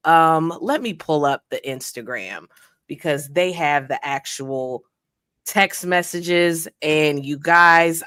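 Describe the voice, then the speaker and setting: A woman's voice: deep voice, fairly bright tone, clean tone, no echo, studio quality. A woman co-hosting a morning talk show, chatting casually and rambling with fillers. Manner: rambling, with fillers and self-corrections. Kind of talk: casual chat.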